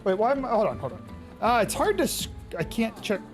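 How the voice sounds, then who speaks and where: A young woman streams a game and chats casually with viewers, laughing often and swearing now and then. Her sing-song voice sits on the high side and runs a little fast over soft background music.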